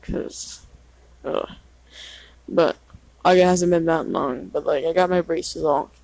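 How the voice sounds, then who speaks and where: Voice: medium pitch, steady tone, slow pace, creaky, darkish tone, no room sound, rough recording. A teenager rambling and venting in a casual vlog, full of "like" and swearing. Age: teens. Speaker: vlogger.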